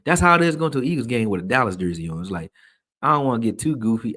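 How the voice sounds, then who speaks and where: A man hosting a live stream, chatting casually with viewers and reading their comments aloud in a loose, slangy way, swearing freely and getting loud when he is worked up. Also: mid-range voice, sing-song, quick pace.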